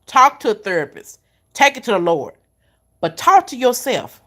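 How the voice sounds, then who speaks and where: A middle-aged woman with a fairly high voice gives an encouraging, faith-filled talk. She talks like a preacher, repeating lines for emphasis. She calls the listener baby and honey. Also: big pitch swings, normal speed, bright, forceful tone. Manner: emphatic repetition, folksy Southern-style phrasing. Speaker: motivational speaker.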